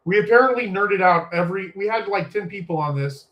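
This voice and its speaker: A male podcast host with a notably high-pitched voice leads a relaxed chat. He jokes around, teases his guests and moves the show along. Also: fairly quick, dull audio. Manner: joking, playfully teasing co-hosts.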